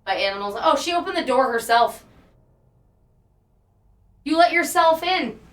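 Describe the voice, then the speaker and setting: A young woman talks to her live viewers in a casual, slightly high voice. She pokes fun at herself and jumps into squeaky yelps when something catches her off guard. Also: lively intonation, unhurried, a bit bright. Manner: bubbly, self-deprecating, bursts into squeaky high exclamations. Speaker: streamer.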